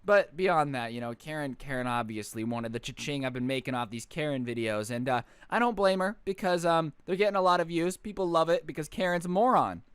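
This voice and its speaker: A man's voice: on the high side, brisk, hardly any pauses, smooth, no echo. A man in his twenties telling a story in a casual, exasperated and sarcastic rant at his computer. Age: 20s. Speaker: storyteller vlogger.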